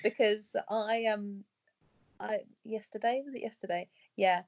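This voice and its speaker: A woman's voice: medium pitch, fairly even intonation, measured pace, darkish tone, muffled recording. Chatty, laughing woman podcaster. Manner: chatty, laughs often, self-mocking. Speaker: podcast co-host. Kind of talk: casual chat.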